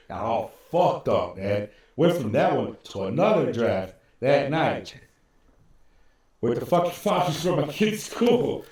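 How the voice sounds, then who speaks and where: A man's voice: medium pitch, a little mellow. A man, co-hosting a podcast and telling rambling, profane stories. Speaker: podcast co-host. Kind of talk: casual chat. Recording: echoey room, distant mic.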